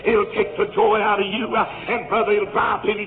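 A man preaching a fiery revival sermon, shouting, laughing and crying out praises. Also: high-pitched, little pitch movement, moderate pace, faint music behind. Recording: tinny phone-like old tape with hiss.

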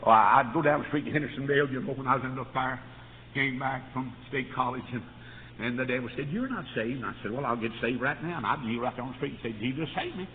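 A middle-aged man with a North Carolina accent preaching a fiery revival sermon, telling folksy stories and breaking into shouts and whoops. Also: mid-range voice, quick pace. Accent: Southern US, North Carolina. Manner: shouts and whoops, swings from quiet storytelling to loud preaching. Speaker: Baptist preacher. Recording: tinny lo-fi echoey hall recording, faint hiss.

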